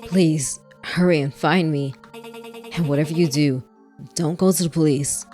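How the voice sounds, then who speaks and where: A woman's voice: sits low, steady tone, a little slow, mellow, faint music behind. A woman playing a breathless, pleading young woman. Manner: urgent, pleading.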